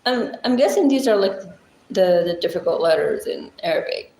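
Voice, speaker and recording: A woman's voice: fairly low pitch, animated, moderate pace, dark tone, a little hiss or hum. A woman hosting a casual livestream, chatting with viewers and rambling through simple language explanations with plenty of fillers. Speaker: livestream host. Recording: echoey room.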